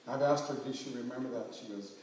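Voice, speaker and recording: A middle-aged man shares his story as a bereaved father, halting and earnest, with phrases that break off and restart. His voice sits at an ordinary pitch and carries from a distance. It rings through a very echoey room over a faint hiss. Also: a little mellow. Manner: halting, earnest, often breaking off mid-sentence. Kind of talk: personal storytelling to a small group.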